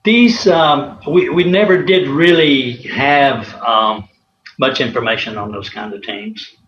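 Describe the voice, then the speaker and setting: Man, ex-athlete guest, rambling anecdotes, chuckles, middle pitch. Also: takes it slowly, fairly bright tone. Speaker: former college athlete guest. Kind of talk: casual storytelling interview. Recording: roomy, slightly dull, faint hiss.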